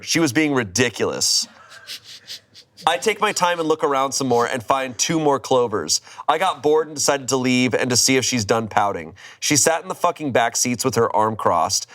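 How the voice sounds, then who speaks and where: Medium in pitch and a bit bright, this host's voice carries a casual, dramatic story reading. He curses liberally, bursts out laughing, and feigns outrage.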